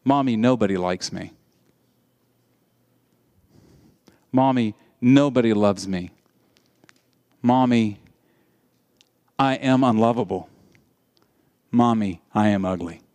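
A woman's voice: on the high side, brisk, few pauses, warm tone, pitched above the performer's own voice, natural voice. Man doing a hurt little girl. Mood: despairing. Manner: tearful, pleading. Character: hurt little girl telling her mother.

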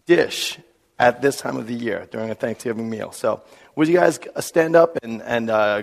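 A hoarse male pastor with laryngitis, giving a chatty, joking sermon to his congregation. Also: mid-range voice. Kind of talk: conversational sermon. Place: church sanctuary with congregation. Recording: long hall reverb.

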